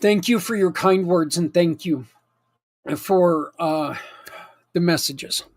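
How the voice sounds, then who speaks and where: A man's voice: high-pitched, slow pace. A man hosting a community show, making a heartfelt, plain-spoken appeal and sounding close to tears. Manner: earnest, emotional, plain-spoken pleading. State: near tears. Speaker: host and nonprofit founder.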